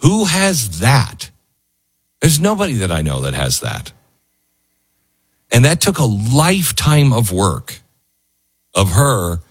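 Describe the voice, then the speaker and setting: A man's voice: medium pitch, wildly swooping pitch, slow pace, long pauses, husky, no room sound, clean studio sound. A man hosting a talk show, speaking in a loose, emotional way with lots of fillers and restarts. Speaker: radio host. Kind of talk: casual on-air talk.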